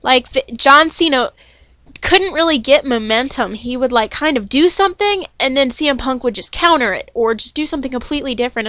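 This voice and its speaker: A young woman recapping a wrestling show in a casual, excited vlog, rambling and self-deprecating with lots of fillers and restarts. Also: high-pitched, brisk, dry recording. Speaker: wrestling fan vlogger reviewing a show.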